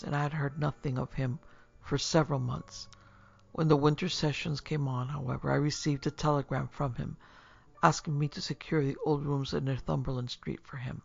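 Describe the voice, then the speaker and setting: A man narrating a classic story as an audiobook in a measured, formal manner. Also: on the high side, creaky. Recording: dull lo-fi recording, faint music.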